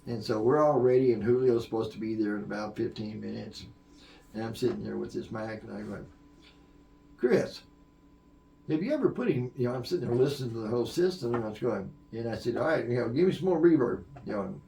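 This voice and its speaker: A man's voice: lowish voice, fairly even intonation, fast talker, vocal fry, warm tone, slight background noise. An older man, a music producer and live sound engineer, telling long stories as an interview guest, rambling with many fillers and restarts. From Oak Cliff, Texas. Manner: rambling storyteller with many fillers and restarts, acting out quoted voices. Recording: roomy echo.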